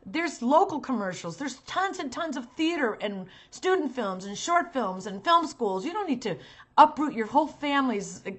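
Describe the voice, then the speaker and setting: A middle-aged talent manager advises parents earnestly and emphatically, occasionally becoming sharp and scolding. Her voice is high-pitched and sing-song, delivered at a moderate pace.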